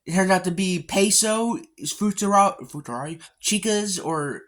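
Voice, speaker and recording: A man's voice: sits high, normal speed, a bit bright. A man giving a casual, rambling recap of an anime episode, full of fillers and mild swearing, often jumping into characters' lines with a raised voice.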